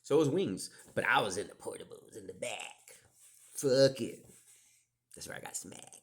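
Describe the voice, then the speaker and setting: Middle-aged male podcaster, profane rambling storyteller with a lively, swooping voice and mid-range pitch. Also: moderate pace, creaky. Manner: profane, digressive, laughs and drops to whispered asides. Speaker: podcast host.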